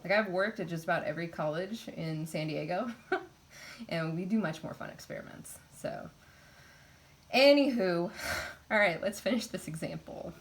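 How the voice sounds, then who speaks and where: A woman's voice: on the low side, animated, moderate pace. A woman teaching a college chemistry class in a casual, chatty way, with frequent filler words and laughing asides.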